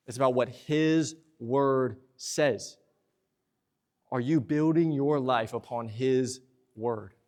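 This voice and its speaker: A young man preaching a sermon in a church, lively and talkative, slipping into playful asides. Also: mid-range voice, slow. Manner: lively preaching, acts out husband and wife exchanges in asides. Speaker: pastor. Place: church sanctuary.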